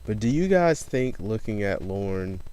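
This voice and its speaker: A man's voice: fairly low pitch, very animated, moderate pace, dark tone, clear, resonant tone. A man casually commenting on a recorded phone call, mocking and incredulous, swearing as he talks.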